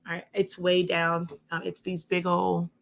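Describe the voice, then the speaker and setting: A woman's voice: on the low side, completely flat delivery, a little slow, creaky, a bit bright. A woman giving a casual show-and-tell craft tutorial, chatty and rambling with many fillers and asides. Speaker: crafting instructor.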